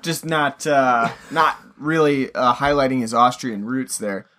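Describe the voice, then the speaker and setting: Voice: medium pitch, unhurried, pushed and bright. A podcast co-host in a casual movie-review chat, giving blunt, critical opinions.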